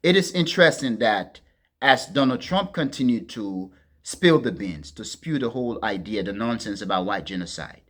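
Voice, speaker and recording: A man hosting a political commentary monologue, talking to his listeners as friends in a deliberate, emphatic way and leaning hard on key words. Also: on the low side, expressive. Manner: deliberate, addresses listeners as friends, stresses words with sharp swings in loudness.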